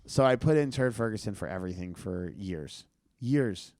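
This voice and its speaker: A man, a comedian appearing as a podcast guest, telling a story in an animated way. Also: on the low side, normal speed, no echo. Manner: animated anecdote-telling with acted-out quotes.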